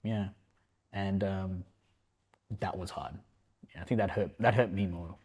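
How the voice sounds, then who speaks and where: A man speaking as a podcast guest in casual, emotional conversation, reflective and halting, dropping "man" and "like" between thoughts. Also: low voice, fairly even intonation, a little mellow, slightly rough. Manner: reflective, halting, heavy use of fillers like "man" and "like".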